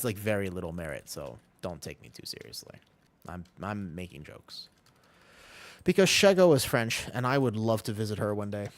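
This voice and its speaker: A man streaming a game, chatting casually with his chat, joking and answering questions. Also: lowish voice.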